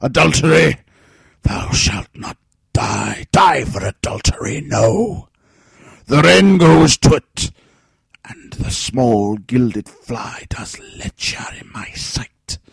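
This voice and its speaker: A man acting out a mad elderly king, slow and theatrical, swinging between shouts and hoarse whispers with a husky voice. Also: mid-range voice, lively intonation, dry recording, heavily acted. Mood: raving. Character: raving mad old king, male, elderly.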